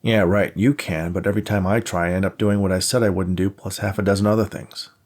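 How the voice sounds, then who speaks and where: A man's voice: low-pitched, steady tone, quick pace, a little mellow. A man voicing an anxious young male student who grumbles and complains sarcastically. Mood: grumbling.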